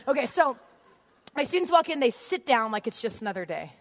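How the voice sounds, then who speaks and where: A woman preaches to a church crowd in a storytelling way, laughing often and acting out the people in her story. Her voice sits a little high. The sound rings with the long echo of a big hall. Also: brisk. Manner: animated, laughs often, acts out scenes. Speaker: guest speaker. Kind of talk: storytelling sermon. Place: church auditorium.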